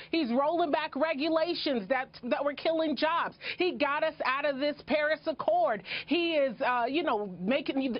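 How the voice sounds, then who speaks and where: High-voiced woman giving impassioned political answers. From United States. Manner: emphatic, repetitive rhetorical lists. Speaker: political guest. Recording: dull lo-fi broadcast audio.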